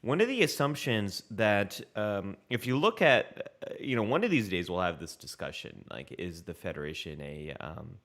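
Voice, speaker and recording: Man, co-host, live-stream chat, upbeat, often laughing, lowish pitch, bright tone. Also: animated, normal speed, few pauses. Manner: reads viewer comments aloud.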